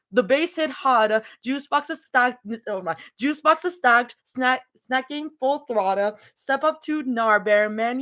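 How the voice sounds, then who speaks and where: A woman's voice: a little high, a bit bright, pitched above the performer's own voice. A woman voicing a playful mother and former idol rapper, rapping in an over-the-top freestyle style.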